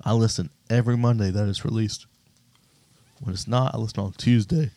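A man in casual podcast banter, joking and teasing, often trailing off quietly. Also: on the low side, fairly even intonation, brisk, no echo.

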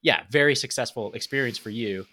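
A man's voice: medium pitch, a little fast, bright, forceful tone. A man hosting a casual interview, asking rambling, searching questions. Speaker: host.

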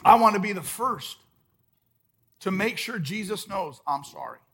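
Male pastor, sermon, very high pitch, husky tone, emphatic, loud-to-hushed swings. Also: lively intonation, a little slow. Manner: emphatic preaching, swinging from loud outbursts to soft, hushed lines. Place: church service.

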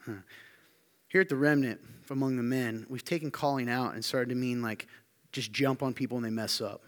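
A man preaching a sermon to his congregation, emphatic and often asking the room rhetorical questions. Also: moderate pace. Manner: emphatic, building to loud high-pitched intensity. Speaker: pastor. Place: church hall. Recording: long hall reverb.

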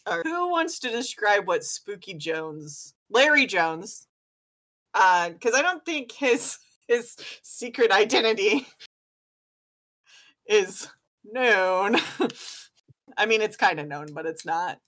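A woman's voice: mid-range voice, lively intonation, a bit bright. A woman running a tabletop role-playing game as game master, narrating with many fillers. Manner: unhurried, many fillers and laughs.

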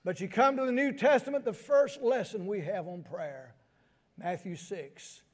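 An older man preaching a sermon, moving between quiet asides and sudden high, shouted emphasis. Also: measured pace.

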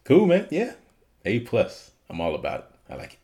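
A man's voice: medium pitch, huge pitch swings, normal speed, mellow. A man co-hosting a movie podcast in casual chat, laughing often and telling scenes with animation. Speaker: podcast co-host.

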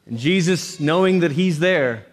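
A man preaching a sermon, animated, with joking asides and voices put on for quotes. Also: fairly high pitch, measured pace. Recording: long reverb.

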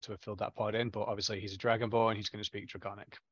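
A man's voice: fairly low pitch, flat delivery, racing, fairly bright tone, slightly rough, no echo. Man playing a tabletop game, dull sound. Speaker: player. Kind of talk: casual tabletop game chat.

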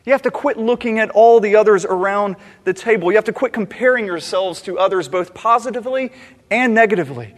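A man delivers a sermon in a fairly high voice, earnestly probing his own motives through rhetorical questions. His words ring out with a long reverb, as if filling a large church sanctuary. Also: a little fast. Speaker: pastor.

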